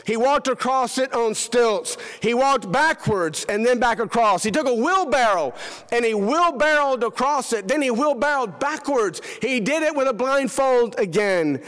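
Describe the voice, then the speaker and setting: A man preaching a sermon, emphatic, with dramatic pauses and falls in pitch. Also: lively intonation, fairly bright tone, in a large hall.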